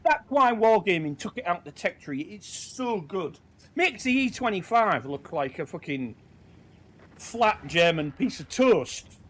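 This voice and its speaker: A man giving casual, sweary, excitable commentary over his own tank gameplay. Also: high voice, a little slow. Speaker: gaming commentator.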